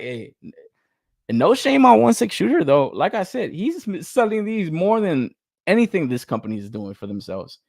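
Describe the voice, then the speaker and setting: Profane ranting man with gravelly voice. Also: medium pitch, a little mellow, no echo, studio quality. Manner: profane, laughing, exasperated ranting. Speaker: podcast host. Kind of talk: casual rant about toys.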